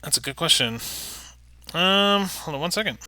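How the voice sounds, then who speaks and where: A man running a tabletop game as game master, unhurried and full of ums. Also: on the high side, expressive, pushed and bright, no room sound, faint music behind.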